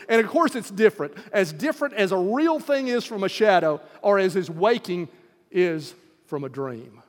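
A man's voice: high voice, expressive, normal speed, in a large hall. A man preaching a sermon in an emphatic style that rises to fervor.

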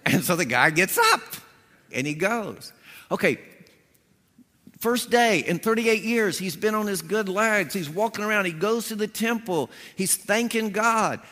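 Male preacher, lively storyteller who acts out scenes, bright forceful tone, big reverberant church sound. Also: sits high, measured pace. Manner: animated storytelling, acting out voices with punchy emphasis. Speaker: pastor. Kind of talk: sermon. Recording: long hall reverb.

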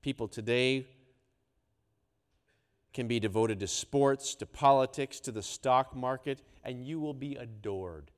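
A man preaching a sermon, swinging between hushed, quiet lines and loud, emphatic ones. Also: mid-range voice, unhurried, clear, resonant tone. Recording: long hall reverb.

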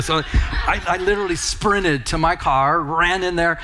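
A man's voice: a little high, unhurried, pushed and bright, slight background noise. A man preaching as a pastor in a church, telling personal stories in a casual, conversational way. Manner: casual, conversational storytelling with laughs.

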